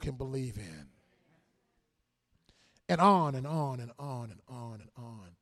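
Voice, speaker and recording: A man preaching a sermon, swinging between shouted, sing-song emphasis and quiet, conversational asides. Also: mid-range voice, lively intonation, slow, pauses often.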